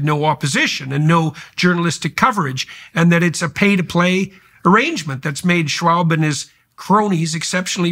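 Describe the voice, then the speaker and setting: Gravelly, emphatic male podcast host. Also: on the high side, bright, forceful tone. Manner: emphatic, heated commentary in long run-on sentences. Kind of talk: casual conversational podcast talk.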